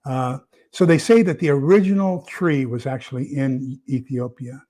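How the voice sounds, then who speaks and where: A man's voice: mid-range voice, moderate pace, mellow. A man hosting a casual livestream, rambling with many fillers and repeated words as he reads viewer comments. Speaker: prepper channel host.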